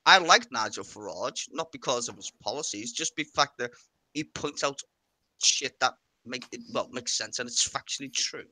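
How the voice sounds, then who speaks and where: A man's voice: mid-range voice, animated, normal speed, pushed and bright, no room sound. A man with a Liverpool Scouse accent chatting casually on a stream, blunt, opinionated and sweary. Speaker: stream co-host. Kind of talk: casual chat.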